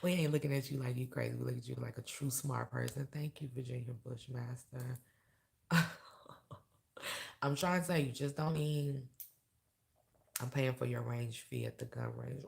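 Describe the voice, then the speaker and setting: A woman talking candidly to her viewers in a casual vlog, emotional and blunt, swearing freely and working herself up into loud rants. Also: very deep voice, fairly even intonation, moderate pace, gravelly. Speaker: vlogger and awards show host. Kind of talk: casual direct-to-camera vlog.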